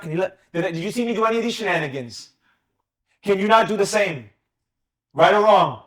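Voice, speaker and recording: A man teaching a live trading class, emphatic and animated, quizzing his students with rapid questions. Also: high-pitched. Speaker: trading instructor.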